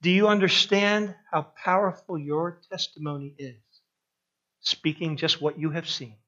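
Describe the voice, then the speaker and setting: High bright voiced preacher, punchy emphatic delivery, kinda muffled recording. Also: male voice, fairly even intonation, unhurried. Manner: emphatic, builds to climaxes, then drops low. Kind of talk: sermon.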